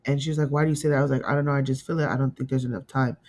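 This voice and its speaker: Grieving woman recounting a loss, halting. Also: very deep voice, steady tone, a little mellow. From California. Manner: emotional, halting, repeats herself, acts out quoted voices. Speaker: guest telling her story. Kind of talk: personal storytelling interview.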